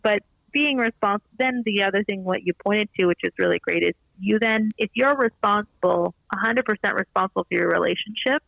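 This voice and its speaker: Her medium-pitched, gravelly voice moves a little fast with few pauses and no echo. She's a guest on a podcast, coming through a muffled remote connection, casually telling lively stories and performing the quotes in them.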